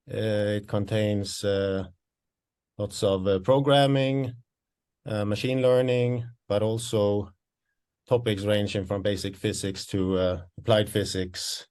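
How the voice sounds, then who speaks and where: A man with a fairly low voice presents university programmes in an online webinar. He sounds a little winded and explains in a hesitant, searching way. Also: a little mellow. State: out of breath. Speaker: associate professor presenting programmes.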